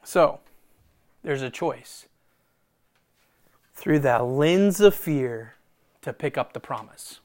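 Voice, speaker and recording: A preacher in full sermon mode, with a voice that lands in the middle of the usual pitch range. They read scripture aloud and comment on it, repeat key phrases for emphasis, and drop from loud, emphatic bursts to almost a whisper. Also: lively intonation, takes it slowly, long pauses. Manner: swings between loud emphatic bursts and hushed near-whispers.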